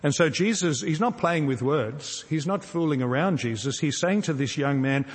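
Preacher in a reverberant hall. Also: male voice, a little high, expressive. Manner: earnest, measured preaching with rhetorical questions. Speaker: pastor. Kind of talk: sermon.

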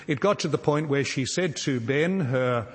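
A man preaching a sermon, earnest and measured, often posing rhetorical questions to his congregation. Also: mid-range voice, in a large hall. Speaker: pastor.

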